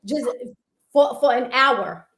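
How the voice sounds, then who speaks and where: A woman's voice: high-pitched, takes it slowly, reverberant. A young woman guest telling her story in a casual interview. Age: young adult. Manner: animated, retelling prison routines.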